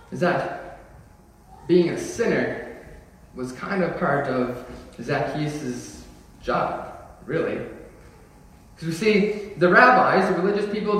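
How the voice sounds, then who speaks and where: Young male preacher, high voice, chatty sermon with emphatic calls, miked from a distance in a big reverberant hall. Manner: casual, joking, builds to emphatic declarations. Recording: echoey hall, voice from far off.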